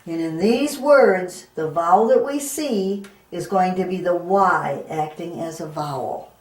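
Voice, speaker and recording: A middle-aged woman teaching a children's phonics lesson, prompting in a slow, sing-song, teacherly way. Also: lowish voice, a little mellow, echoey room. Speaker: reading teacher.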